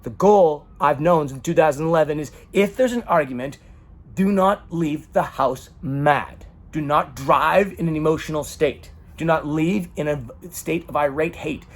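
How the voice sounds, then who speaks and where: A man's voice: on the high side, moderate pace. A man in an emotional personal monologue, talking dramatically and swearing often. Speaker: vlogger.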